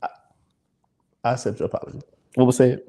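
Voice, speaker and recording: A man's voice: mid-range voice, steady tone, fast, mellow. A man co-hosting a podcast, talking in a candid, emotional and profane way and laughing often. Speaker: podcast co-host. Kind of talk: candid casual chat.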